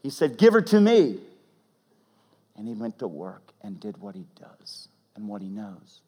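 A man preaching a sermon as pastor, swinging from loud emphatic peaks to hushed, almost whispered lines. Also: on the low side, moderate pace, slightly rough. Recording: long reverb of a large hall.

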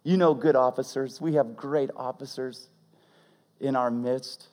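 A man preaching a sermon as pastor, swinging from loud emphatic peaks to hushed, almost whispered lines. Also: medium pitch, fairly even intonation, a little slow. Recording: long reverb of a large hall.

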